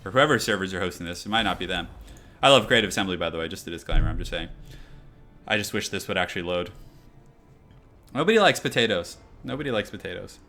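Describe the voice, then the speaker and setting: A man's voice: low voice, very fast, sharp tone, soft background music. A young man casually commenting on his live game stream, chatting loosely and answering chat as he goes. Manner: chatty, reads chat aloud, many fillers.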